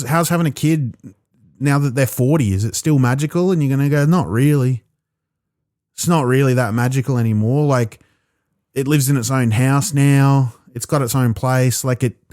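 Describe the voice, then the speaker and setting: A man's voice: mid-range voice, a little mellow. A man performing a rambling, profane stand-up routine alone in a small room. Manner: rambling, profane storytelling with quick asides. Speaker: stand-up comedian.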